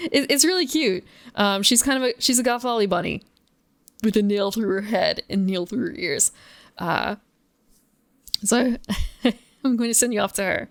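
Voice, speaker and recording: A woman's voice: fairly high pitch, fairly bright tone, dry recording. A woman streaming games live from a home setup, musing and chatting with her viewers and laughing often. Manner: talks to chat between gameplay. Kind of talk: casual live-stream chat while gaming.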